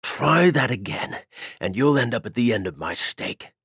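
A man's voice: medium pitch, lively intonation, normal speed, vocal fry, fairly bright tone, slightly rough, dry recording, studio quality, full character voice. A man doing a menacing vampire boss. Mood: threatening. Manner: threatening. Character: hot-tempered male vampire boss, menacing.

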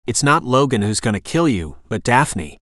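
A man reading the lines of a blunt, impatient female psychic in an audiobook, brisk and exasperated. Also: medium pitch, sing-song, fairly bright tone, no echo, clean studio sound.

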